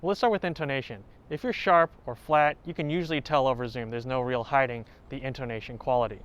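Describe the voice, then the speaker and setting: A man who plays violin, hosting a tutorial and calmly explaining step by step, now and then singing short examples. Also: medium pitch, quick pace, lo-fi sound. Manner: clear, explanatory, with sung examples. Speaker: violin teacher and channel host. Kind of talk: instructional talk to camera. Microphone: home recording setup.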